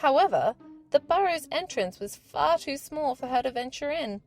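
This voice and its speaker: A woman reading a children's storybook aloud in a gentle, expressive storytelling manner. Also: sits high, normal speed, faint music behind.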